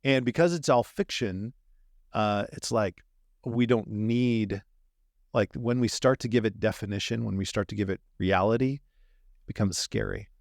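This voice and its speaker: Animated man explaining in a dry room. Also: lowish voice, a little slow, gravelly, no echo. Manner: animated explainer, acts out little quoted exchanges. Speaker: dream manager guest. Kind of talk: podcast conversation.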